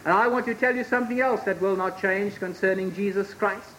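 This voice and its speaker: A man's voice: sits high, brisk, a bit bright. A man preaching an impassioned revival sermon in a church, building his points through repeated rhythmic refrains. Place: church sanctuary. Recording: echoey church recording with hiss.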